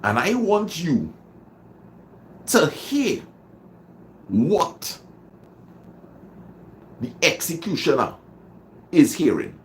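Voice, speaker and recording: Trinidadian man, livestream host, dramatic repetition, unhurried, expressive pitch. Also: a little hiss or hum. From Trinidad and Tobago. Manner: dramatic, repeats phrases for emphasis. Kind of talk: motivational livestream talk greeting viewers.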